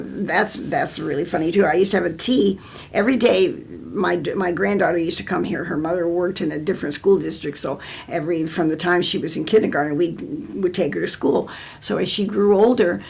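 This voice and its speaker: A woman's voice: on the low side, vocal fry, slightly rough. An older American woman telling stories in an oral history interview, rambling with many restarts.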